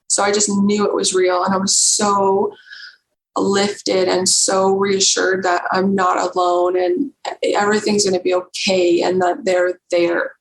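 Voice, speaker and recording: A woman guest on a podcast, telling a personal story in an earnest, emotional, halting way. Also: medium pitch. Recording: roomy echo with faint background noise.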